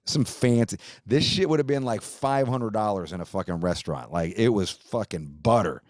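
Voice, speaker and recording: A man's voice: on the low side, moderate pace, no room sound. A middle-aged man tells a rambling, profane story as host of his own podcast. He leans on "dude" and "like" and swears casually. The sound is dry and close, with no room around it.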